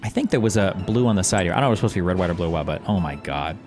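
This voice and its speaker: Animated sarcastic male streamer. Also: low-pitched, racing, over music. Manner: animated, sarcastic, profane rants. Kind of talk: casual gaming stream reaction.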